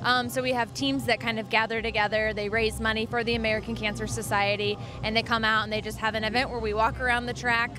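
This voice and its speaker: A woman organizer answers questions in a slightly high, friendly voice, using many "um"s. Music plays clearly in the background. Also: little pitch movement, quick pace, hardly any pauses. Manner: friendly, plain, many "um" fillers. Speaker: event organizer being interviewed. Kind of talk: casual outdoor interview.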